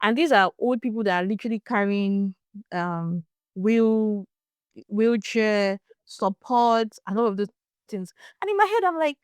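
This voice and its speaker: A young woman from Nigeria with a Nigerian accent, hosting a podcast and telling a story in casual, animated chat. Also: medium pitch, a little slow, clean tone, dry recording. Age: young adult. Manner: animated, laughs and restarts often. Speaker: podcast host.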